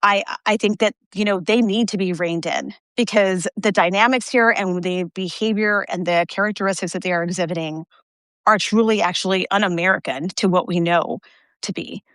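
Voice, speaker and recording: A woman's voice: medium pitch, steady tone, normal speed, fairly bright tone, no room sound, studio quality. A woman guest in an interview, speaking earnestly with frequent stumbling restarts.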